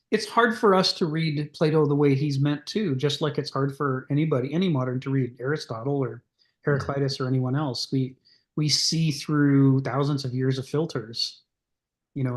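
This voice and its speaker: Man, middle pitch, discussion leader, discursive, frequent restarts, echoey room. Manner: discursive, many restarts and fillers. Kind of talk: reading and commenting on a philosophy text.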